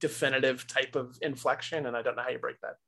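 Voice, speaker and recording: A man's voice: medium pitch, steady tone, fast talker, creaky, bright, forceful tone, low-quality recording. A man co-hosting a podcast, chatting casually in a joking, rambling way with restarts. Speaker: podcast co-host. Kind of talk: casual chat.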